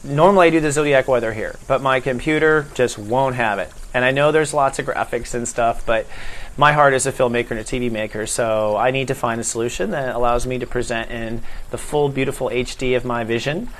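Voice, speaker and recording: A middle-aged man hosting his own spiritual video series, talking gently and reassuringly to camera in a casual way. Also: mid-range voice. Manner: gentle, reassuring, repeats a soothing phrase. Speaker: spiritual vlog host. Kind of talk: casual spiritual vlog talk.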